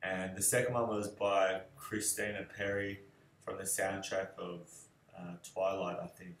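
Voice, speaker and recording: A young man answering questions about his fiancée in a relaxed, rambling way, with many fillers. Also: low voice, unhurried. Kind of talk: casual video answers. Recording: echoey room.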